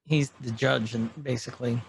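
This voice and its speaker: With vocal fry in his medium-pitched voice and a normal speaking speed, a podcast co-host loosely recaps a show, throwing in animated performances of scene quotes. A bit of background noise runs underneath.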